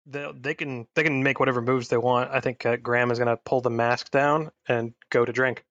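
A man's voice: medium pitch, fairly even intonation, a little fast, a bit bright, dry recording. A man playing a tabletop game, thinking aloud hesitantly with many fillers. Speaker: player. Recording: dull, lo-fi mic.

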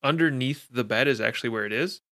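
A man's voice: medium pitch, fast talker, sharp tone. A man narrating a tabletop horror game as game master, casual and descriptive.

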